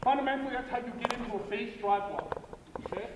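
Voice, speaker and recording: A man's voice: very high-pitched, fast talker. A man coaching youth football linemen at a clinic, emphatic and repetitive, often checking in with "okay?", recorded from far away in a large indoor hall. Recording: echoey hall, far from mic, noisy.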